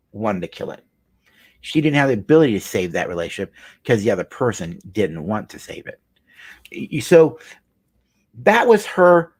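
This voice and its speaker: A middle-aged male marriage counselor telling a client story in an earnest, emphatic way, often repeating phrases for weight. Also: fairly high pitch. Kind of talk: storytelling talk.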